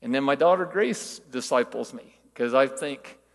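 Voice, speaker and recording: Gravelly older man preaching in a hall. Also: medium pitch, normal speed. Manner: folksy storytelling with rhetorical questions. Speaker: church teacher. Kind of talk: conversational sermon.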